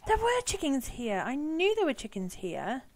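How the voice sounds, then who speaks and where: A woman's voice: sits high, sing-song, normal speed. A young woman giving casual gameplay commentary, chatty and self-mocking, talking to the animals on screen. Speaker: let's-play host.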